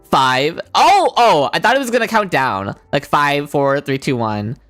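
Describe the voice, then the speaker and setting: A woman's voice: deep voice, sing-song, unhurried, fairly bright tone, faint music behind. A woman streaming a game, chatting casually and answering her chat.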